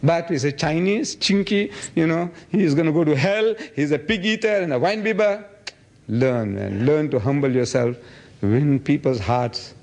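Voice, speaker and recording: A man in his seventies giving a public lecture and answering audience questions, telling stories with lively energy. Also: moderate pace. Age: 70s. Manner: animated storytelling, acts out others' voices with big pitch jumps.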